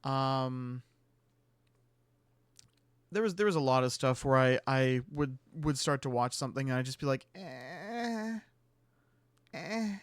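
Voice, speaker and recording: Smooth-voiced man chatting casually. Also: medium pitch, normal speed, pauses often, no room sound. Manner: rambling, laughs often, trails off. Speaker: streamer host. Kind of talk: casual chat.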